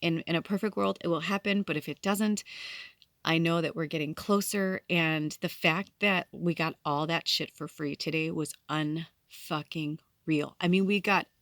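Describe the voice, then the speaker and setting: A woman's voice: low-pitched, steady tone, measured pace, a bit bright, dry recording, clean studio sound. A woman in her late forties talking candidly in a casual vlog, swearing freely and speaking in a heartfelt, encouraging way as a spiritual content creator. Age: 40s. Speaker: spiritual vlogger.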